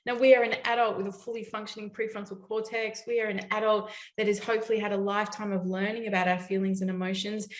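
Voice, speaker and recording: Woman, parenting speaker, animated storyteller, echoey room. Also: mid-range voice, fast, hardly any pauses. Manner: lively storytelling, acts out quoted voices. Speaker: parenting educator. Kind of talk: summit talk. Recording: roomy echo.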